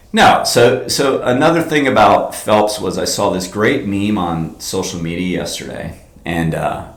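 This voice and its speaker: Lower-pitched man, fitness coach host, animated and blunt, roomy echoey sound. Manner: animated, rambling, blunt, with many fillers. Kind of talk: casual solo podcast talk. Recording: roomy echo.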